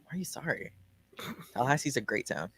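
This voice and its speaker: A man's voice: medium pitch, sing-song, fast, fairly bright tone, breathy edge. A man co-hosting a casual movie chat, laid-back and joking while reading out donations.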